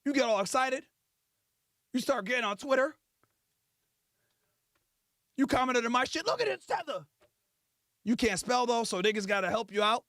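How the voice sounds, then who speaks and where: A man's voice: very high voice, fairly even intonation, normal speed, long pauses, fairly bright tone, no room sound, clean studio sound. A male podcast host telling a profane comedic rant in a mocking, crude storytelling manner.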